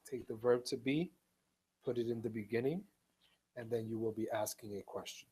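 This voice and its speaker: A man of middle pitch teaches an online English class. He speaks slowly and patiently, going over each rule more than once. He reads example sentences aloud with careful stress. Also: mellow, husky. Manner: slow, patient, repeats each point. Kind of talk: live online ESL lesson.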